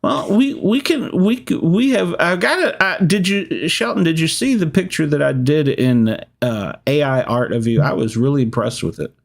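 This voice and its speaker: A man's voice: on the high side, expressive, normal speed, vocal fry, hardly any pauses. A man hosting a casual live-streamed podcast, rambling and laughing often between thoughts. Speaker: podcast host.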